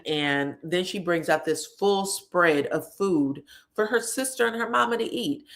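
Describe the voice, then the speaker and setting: A woman's voice: lowish voice, fairly bright tone. A woman casually recapping a reality show in a chatty way, with frequent asides to her viewers.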